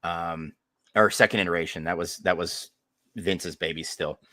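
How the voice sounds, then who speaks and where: A man hosting a casual sports podcast, talking forcefully with sarcastic asides. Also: sits low, fairly even intonation, moderate pace, no echo, studio quality. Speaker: podcast host.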